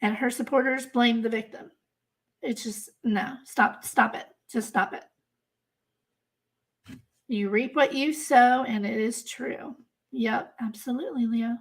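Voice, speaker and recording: A crime-channel host talks loosely to her chat on a livestream, exasperated and emphatic, saying things more than once to drive them home. She has a slightly high, steady voice, keeps a measured pace, and leaves long pauses.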